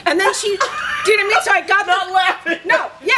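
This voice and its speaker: High-voiced older woman telling stories. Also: quick pace, distant mic, very noisy. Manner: animated, laughing, acts out voices in her anecdotes. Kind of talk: casual interview storytelling.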